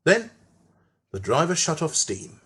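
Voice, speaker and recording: A narrator reading a children's train story aloud in an expressive storytelling manner. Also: medium pitch, breathy edge. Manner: slow, lively storytelling.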